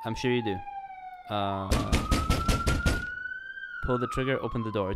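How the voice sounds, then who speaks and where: A man commentating a game playthrough, his pitch leaping all over the place as he jokes and then turns earnest. He swears casually and keeps saying "dude". Game sounds and sirens come through loud behind his voice. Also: unhurried, heavy background noise. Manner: excitable, swings between joking and earnest. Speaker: gaming video host. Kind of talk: let's play commentary.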